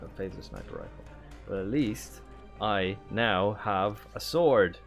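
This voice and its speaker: A man streaming a game, chatting casually in a relaxed, halting way with many fillers. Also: on the low side, creaky, soft background music. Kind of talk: casual gameplay chat.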